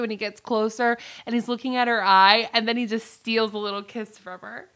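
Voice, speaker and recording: A woman's voice: a little high, fairly quick, hardly any pauses. A woman co-hosting a podcast, retelling episode scenes in casual chat and acting out the characters' lines. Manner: animated storytelling, acts out characters' lines. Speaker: podcast co-host recapping a show.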